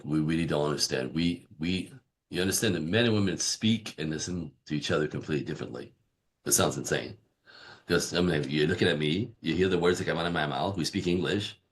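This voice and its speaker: A man on a podcast as a relationship coach, talking emphatically and often checking in with "right?". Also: a bass voice. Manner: emphatic, animated, keeps saying "right?"; acts out quoted voices of clients. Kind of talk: podcast interview.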